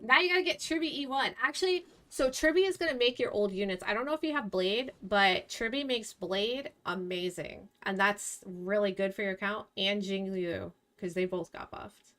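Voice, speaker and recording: A woman's voice: mid-range voice, moderate pace, hardly any pauses, fairly bright tone. A young woman streamer ranting bluntly at her chat, scolding and exasperated, swearing freely. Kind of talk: live stream rant at chat.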